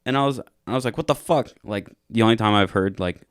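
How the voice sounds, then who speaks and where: A man's voice: lowish voice, quick pace, smooth, no echo, studio quality. A young man co-hosting a podcast, telling a long drunken night-out story in a casual, profane way and acting out the quotes. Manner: profane, animated retelling with acted-out quotes. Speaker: podcast co-host.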